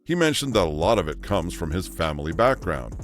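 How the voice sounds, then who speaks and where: Deep-voiced male narrator, lively reading. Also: brisk, faint music behind. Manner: reads a celebrity countdown script. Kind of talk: scripted documentary narration.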